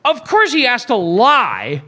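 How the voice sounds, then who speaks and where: High, bright-voiced man ranting profanely. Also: takes it slowly. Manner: profane, animated, shouting in mock outrage. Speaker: podcast host. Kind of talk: comedic movie rant. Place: live stage show before an audience.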